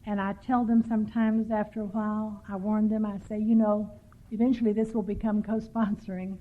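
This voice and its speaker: A woman's voice: medium pitch, little pitch movement, moderate pace. An older woman from Texas speaking at a recovery workshop, telling stories with dry, self-mocking humor. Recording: tinny lo-fi 1990s tape.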